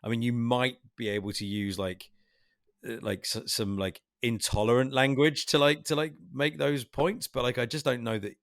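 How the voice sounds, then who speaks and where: A man's voice: mid-range voice, steady tone, moderate pace, no echo, clean studio sound. A man co-hosting a podcast, chatting casually and rambling, swearing and acting out quotes. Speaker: podcast co-host. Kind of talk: casual chat.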